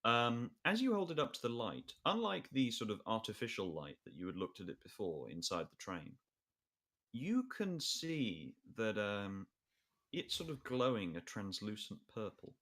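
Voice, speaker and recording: Deep-voiced male game master. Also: sing-song, fairly bright tone. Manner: halting, many fillers. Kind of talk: narrating a tabletop game.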